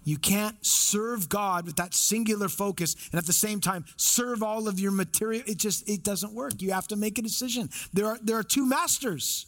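High-voiced man preaching emphatically. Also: normal speed, few pauses, fairly bright tone. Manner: emphatic preaching with repeated phrases and rhetorical questions. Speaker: pastor. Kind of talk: sermon.

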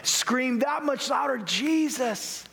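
A man's voice: a little high, expressive, normal speed. A man preaching a sermon in an earnest, emphatic way, acting out Bible scenes as he goes. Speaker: pastor.

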